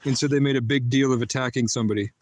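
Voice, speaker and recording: A man's voice: medium pitch, fairly even intonation, rapid-fire, a little mellow, poor audio. A man rambling and ranting in a casual vlog, muttering profanities to himself. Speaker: vlogger.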